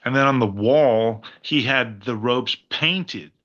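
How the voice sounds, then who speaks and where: A man on a podcast as a guest wrestler, telling rambling, profane stories in a casual, animated way. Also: mid-range voice, slow, muffled recording. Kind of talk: casual storytelling chat.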